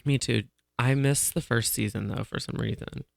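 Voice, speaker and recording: A man's voice: medium pitch, moderate pace, vocal fry, dry recording, clean studio sound. A man hosting a podcast in casual chat, rambling and giggly, often trailing off mid-sentence. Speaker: podcast host.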